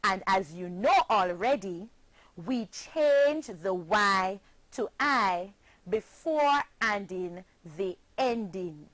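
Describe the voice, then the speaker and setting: A woman's voice: mid-range voice, lively intonation, very slow, a bit bright, no echo, low-quality recording. A woman with a Jamaican accent teaching a scripted phonics lesson, spelling words out letter by letter.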